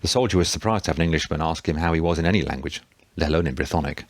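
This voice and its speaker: Male narrator, very deep voice, dry booth sound, steady reading pace. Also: racing, no room sound. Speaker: audiobook narrator. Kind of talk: scripted narration.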